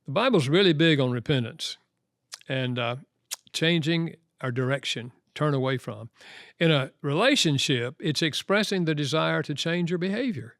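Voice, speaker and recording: A man's voice: fairly high pitch, normal speed, a bit bright, no echo, clean studio sound. A man who works as a marriage counselor and author, telling stories in an interview and acting out quoted dialogue. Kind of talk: interview storytelling.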